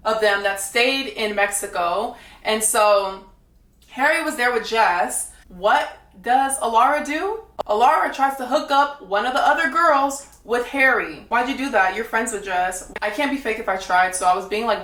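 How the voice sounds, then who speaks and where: With a fairly high, somewhat bright voice, a young reality dating contestant casually tells her story to camera, gossiping bluntly and leaning heavily on "like." Sound comes from a distant mic in an echoey space.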